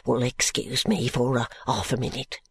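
A man's voice: medium pitch, flat delivery, moderate pace, vocal fry, a bit bright, slightly rough, heavily acted. A man reading an audiobook, voicing a meek, perplexed shopkeeper who hesitates, stammers and coughs. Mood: apologetic. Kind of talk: audiobook character voice.

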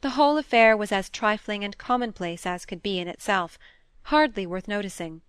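In a clear, resonant mid-range voice, a woman narrates an audiobook of a classic novel with steady, even pacing, recorded dry.

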